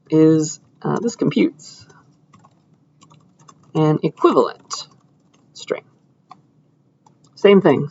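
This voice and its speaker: A young man teaching computer science in a lecture hall, chatty and easygoing as he explains each step out loud. His voice sits a little high for a man. The recording is dull and lo-fi. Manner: casual, chatty, thinking aloud while clicking through code. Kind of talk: live classroom lecture with coding demo.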